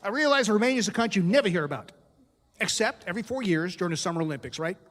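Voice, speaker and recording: A middle-aged American man works a comedy club crowd with a punchy stand-up set and quick asides. His voice sits fairly high. A long hall reverb trails behind every line. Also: expressive, fairly bright tone. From United States.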